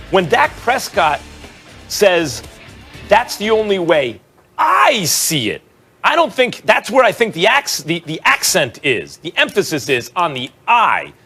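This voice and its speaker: A man on a sports debate show, animated, asking rhetorical questions and acting out quotes. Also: sits high.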